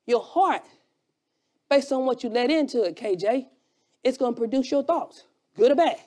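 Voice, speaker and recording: A preacher delivering an emphatic sermon, shouting key lines and repeating phrases for effect, with quieter, quicker asides in between. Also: high-pitched, lively intonation. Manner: drops to a quiet, fast aside at times.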